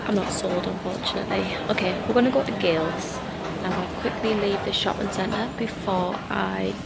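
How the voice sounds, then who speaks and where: A woman in her twenties chatting casually to camera in a vlog, animated and chatty as she tells stories with laughs. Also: mid-range voice, moderate pace, vocal fry, very noisy. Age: 20s. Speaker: vlogger. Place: out and about, shops and street.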